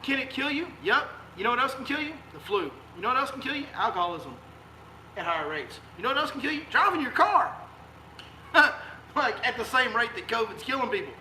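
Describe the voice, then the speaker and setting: Fiery high-voiced man ranting. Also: expressive, fairly quick, bright, forceful tone, a little hiss or hum. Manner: fiery, emphatic, repeats rhetorical questions. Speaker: fishing guide and live-stream host. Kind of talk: heated political rant on a live stream. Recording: echoey room sound.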